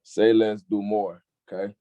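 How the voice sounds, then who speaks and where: A young man hosting a casual online youth discussion, laid-back and filler-heavy, often agreeing with a quick "facts.". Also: on the low side, level tone, dull audio. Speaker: youth group discussion host.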